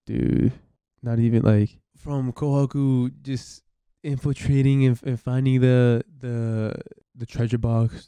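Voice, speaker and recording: A young man reacting to an anime episode in casual, excitable commentary, swearing and calling out "brother" as he watches. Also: lowish voice, clean tone, no echo.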